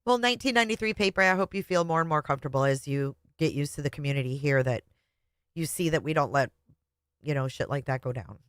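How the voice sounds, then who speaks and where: Blunt, low-voiced woman streamer. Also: fast, fairly bright tone, dry recording, studio quality. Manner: blunt and profane, chatty. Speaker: live stream host. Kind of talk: casual live stream chat, reading comments.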